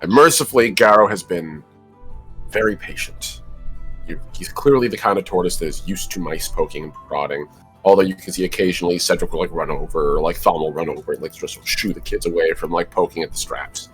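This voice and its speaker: A man's voice: low-pitched, fairly quick, soft background music. A man acting as game master and narrating a tabletop game in a rambling, descriptive way, with many filler words.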